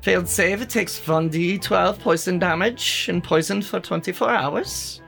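A woman's voice: lowish voice, a little slow, creaky, a bit bright, faint music behind. A woman running a tabletop game as game master, hesitant with lots of fillers. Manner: laughing, hesitant, many fillers.

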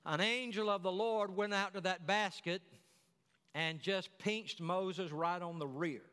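A man's voice: sits high, fairly even intonation, measured pace, bright, forceful tone, smooth, long reverb tail. A man preaching a sermon, telling the story in a folksy way with chatty asides.

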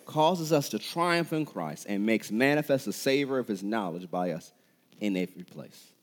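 A man preaching a sermon as pastor, with impassioned delivery that builds to shouted peaks. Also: lowish voice, animated, moderate pace, big-room sound.

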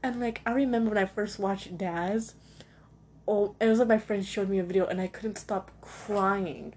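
Home with a cat beside her, a young podcast host chats casually on her own, rambling and self-deprecating with many fillers. Her mid-range voice is darkish and moderately paced, and there is slight background noise.

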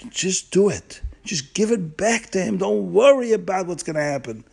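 A man's voice: sits high, animated, normal speed, creaky, darkish tone, pitched above the performer's own voice, full character voice. A man voicing a wise, holy old rabbi who earnestly instructs and reassures a traveler. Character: wise holy old male rabbi giving urgent counsel.

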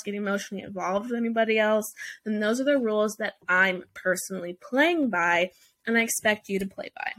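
A woman's voice: on the high side, fairly bright tone. A young woman hosting a podcast, giving blunt, heated relationship advice with lots of swearing and filler words. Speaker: podcast host.

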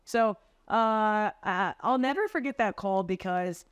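A young woman talks casually about her sales career in a middle-pitched, conversational voice. She fills her speech with "like" and "dude" and slips into quick impressions of the people she describes. The sound is close and dry, as if she is on a video call. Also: clear, resonant tone, no echo, muffled recording. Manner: chatty, lots of "like" and "dude", acts out quotes. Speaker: podcast guest, remote sales closer. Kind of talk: casual interview storytelling.

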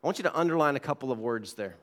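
A man's voice: mid-range voice, animated, racing, a bit bright. A man pastor preaching a sermon in a church, reading scripture aloud and repeating key words for emphasis. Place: church sanctuary.

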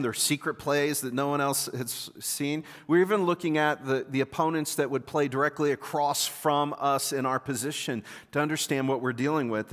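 A male preacher gives a conversational sermon, stumbling over and repeating words as he keeps checking in with the congregation. His voice sits at an ordinary middle pitch. It carries a long reverb, as if it were recorded in a large church hall.

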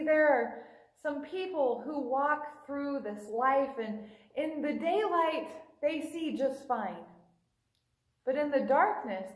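A woman's voice: sits high, roomy sound, rough recording. A woman preacher giving a sermon, retelling a scripture story in a conversational way and briefly acting out the quoted lines. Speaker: pastor.

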